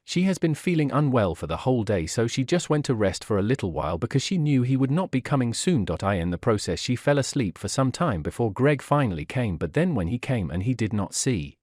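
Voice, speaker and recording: A man narrating a drama story in a steady, plain storytelling manner. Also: medium pitch, fairly quick, hardly any pauses, no room sound, studio quality. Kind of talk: scripted narration.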